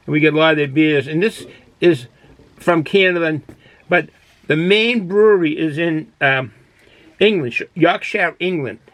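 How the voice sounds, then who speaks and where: An older man with a thick Boston accent rambles through a casual beer review, folksy and full of filler words and false starts. His voice sits a little high for a man. The sound is dry and close, with no room echo. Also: a bit bright. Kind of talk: casual product review monologue. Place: cool home den he calls a man cave.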